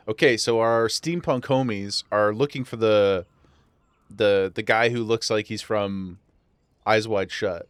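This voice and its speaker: Streamer, male, easygoing gameplay chatter from home, quick to laugh, reads in-game lines aloud. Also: fairly low pitch, clean tone, dry recording, studio quality. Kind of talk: casual live gameplay commentary.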